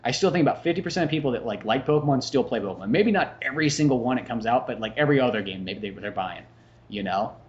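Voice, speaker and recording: A man's voice: medium pitch, animated, quick pace, highs cut off. A young man hosting a podcast in casual chat, rambling and swearing freely. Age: young adult. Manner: rambling, swears freely, slips into mocking voices. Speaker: podcast host.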